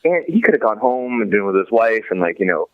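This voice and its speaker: A man's voice: lowish voice, a little fast, no room sound. Rambling man on a dull, dry recording. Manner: rambling, full of fillers and restarts; emotional, swings between excited and somber. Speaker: podcast guest. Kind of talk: casual interview chat.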